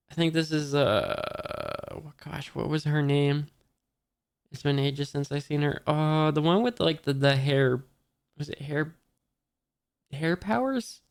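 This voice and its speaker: A manga reader with a mid-range voice and vocal fry casually reads a comic chapter aloud, stopping often and forgetting the characters' names. Quotes come out in a near-plain voice.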